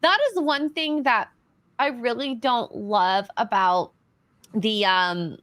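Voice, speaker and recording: Woman stream co-host, dry close mic, slightly high, loose tipsy chat. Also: slow, no room sound. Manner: relaxed, tipsy-sounding, reads donations aloud. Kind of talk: casual livestream chat.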